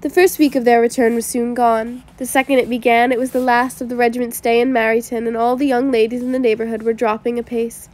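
A woman reads a classic novel aloud for an audiobook, her voice sitting high. She keeps a steady reading pace and now and then stumbles over a word and starts it again. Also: fast, few pauses. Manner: reads with small slips and restarts. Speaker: audiobook reader.

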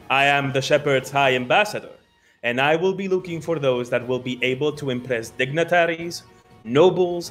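A man voicing a pompous male military officer and grand showman, with a booming, declamatory, theatrical delivery. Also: a bit bright, lightly acted.

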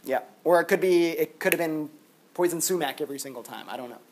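A man's voice: on the high side, quick pace, slight background noise. Chatty male lecturer in a classroom. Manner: chatty, animated, lots of "like" fillers. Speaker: university philosophy lecturer.

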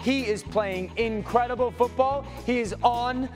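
Brief: male reporter with a very high voice, emphatic, music behind. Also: measured pace. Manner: upbeat, emphatic. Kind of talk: sports report.

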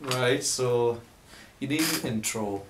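A man's voice: mid-range voice, slow pace, noisy background. A man joking around with a friend while filming, throwing in silly sounds. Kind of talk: casual chat.

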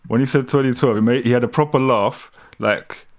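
A man's voice: medium pitch, a little fast. A British man giving casual live commentary on a news clip, mocking and laughing often, with slangy speech. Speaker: streamer reacting to news.

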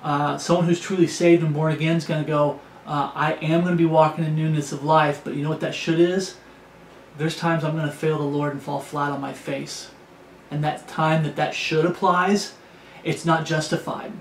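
Man, preacher, earnest sermon, fairly high-pitched, roomy echo, faint background noise. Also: flat delivery, normal speed. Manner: earnest, repetitive, restarts and stumbles.

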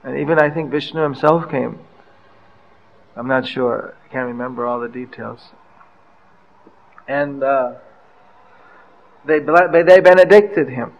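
An older man giving a scripture class, telling stories from his travels and pausing often with fillers. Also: fairly high pitch, poor audio. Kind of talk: anecdotal scripture lecture.

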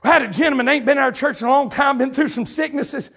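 A man with a Southern US accent preaching a revival sermon to a congregation at a church camp meeting, telling a story that builds into fervent shouted preaching. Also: very high voice, fast. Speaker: pastor.

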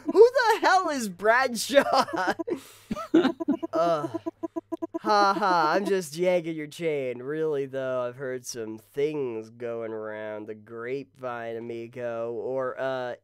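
A man's voice: fairly high pitch, smooth, no room sound, studio quality. Giggly man doing let's-play commentary. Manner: giggly, reads game dialogue aloud with jokes. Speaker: streamer.

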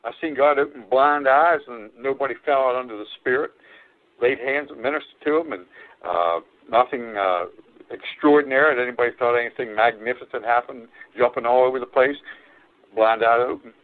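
An evangelist preaches an earnest radio sermon, pressing his points again and again with plenty of fillers. His voice sits at an ordinary middle pitch for a man. The sound is narrow and tinny, like a phone line. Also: brisk. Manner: earnest, repetitive exhortation with frequent fillers.

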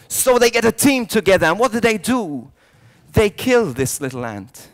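A priest telling a story in a youth sermon, swinging from soft lines to loud ones and often restarting his words. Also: high-pitched, moderate pace. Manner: animated storyteller, jumping between hushed lines and loud shouted quotes; frequent restarts and repeated words.

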